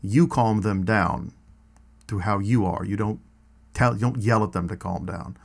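A man's voice: lowish voice, measured pace, gravelly. A man telling personal hiking stories in a casual, rambling way, full of asides and restarts. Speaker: storyteller. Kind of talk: casual spoken storytelling.

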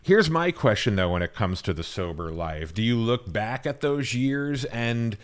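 A man's voice: medium pitch, animated, unhurried. A male host in a casual interview who laughs often and asks long, rambling questions. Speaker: podcast host.

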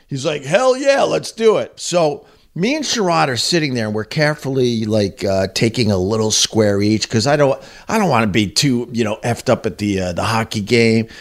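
A man telling a story in a casual, animated way, jumping up in pitch to act out the people he quotes. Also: moderate pace, few pauses. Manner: animated, acts out quoted voices with big pitch jumps. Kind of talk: storytelling anecdote.

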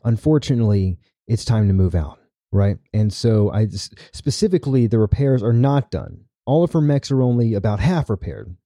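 Podcast host, man, casual recapper, deep dark tone, dry mic. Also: expressive, normal speed, dry recording. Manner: chatty, tags lines with "right?".

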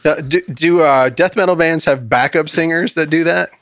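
A man's voice: a little high, normal speed, a bit bright, no echo, studio quality. A man hosting a casual podcast, playful and joking, telling a long joke. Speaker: podcast host. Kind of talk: casual chat, telling jokes.

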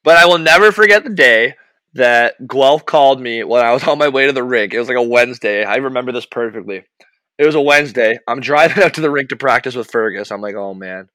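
A young man telling an animated, profane story about his hockey days in casual chat. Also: mid-range voice, fast, dry recording. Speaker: podcast host, former hockey goalie.

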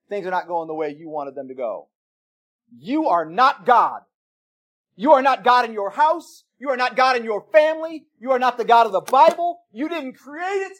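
A man preaching a sermon, telling a story with emphatic swings between loud exclamations and quiet asides. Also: high voice. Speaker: pastor.

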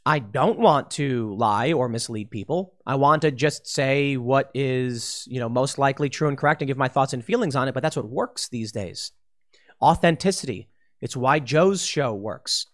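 A man's voice: mid-range voice, moderate pace. A man delivering an unscripted political monologue to camera, restless, often repeating and restarting his phrases. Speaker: political commentator.

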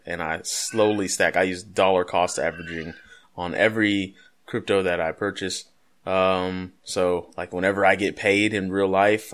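Man, very low voice, casual podcast chat, joking asides. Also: a bit bright. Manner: joking, rambling, pop-culture asides. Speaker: podcast co-host.

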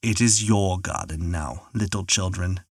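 A man voicing a kindly old giant in a storybook reading, speaking low, soft and unhurried. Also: husky, no echo, clean studio sound. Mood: gentle. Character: kindly old male giant, gentle, later awed.

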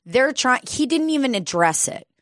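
A woman's voice: sits high, moderate pace, dry recording, clean studio sound. A woman telling a story in casual chat, swearing freely and acting it out with energy. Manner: profane, animated storyteller.

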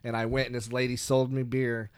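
A young man with a smooth, resonant voice tells a story deadpan and builds to quick punchlines. The sound is close and dry. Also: medium pitch, no room sound. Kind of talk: casual storytelling chat.

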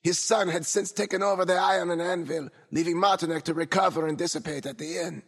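A man narrating a dark first-person tale in a measured, somber way. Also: sits high, steady tone, creaky, breathy edge. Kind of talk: scripted first-person storytelling.

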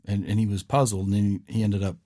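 A man's voice: lowish voice, level tone, fast talker, warm tone, no room sound, clean studio sound. A man hosting a podcast, telling a parable in a casual, folksy way and acting out both people's lines. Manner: folksy, repeats "he goes", acts out both sides of a parable. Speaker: podcast host. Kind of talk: casual storytelling.

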